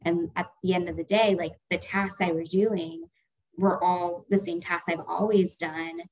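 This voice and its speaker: A woman's voice: on the low side, fairly even intonation, measured pace, crowd noise, poor audio. A woman co-hosting a casual talk, speaking reflectively and working through her examples with some fillers.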